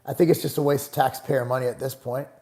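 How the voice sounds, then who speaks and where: A man's voice: mid-range voice, steady tone, quick pace, dark tone. A middle-aged man hosting a casual live stream, reading chat questions aloud and answering them bluntly, swearing freely and getting exasperated. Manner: blunt, profane, gets heated and exasperated.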